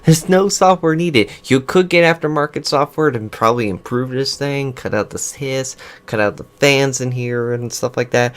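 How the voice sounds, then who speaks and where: A man's voice: mid-range voice, fairly bright tone, clear, resonant tone. A man hosting a gaming channel, casually reviewing his new USB desk microphone in his computer room, rambling and restarting sentences as he switches settings. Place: home computer room with whirring fans. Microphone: USB desk microphone, switching pickup patterns.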